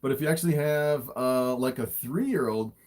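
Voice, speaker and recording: A man's voice: mid-range voice, moderate pace, darkish tone. A man chatting casually on a livestream, answering viewer questions, laughing often, with his throat a little sore, recorded on a phone camera. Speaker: livestream host and snake breeder.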